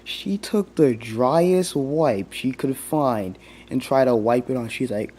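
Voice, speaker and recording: A man's voice: mid-range voice, slow, dark tone, breathy edge. A young man giving a casual, rambling rant, full of "like" and restarts. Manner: rambling, heavy use of "like", many restarts. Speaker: vlogger.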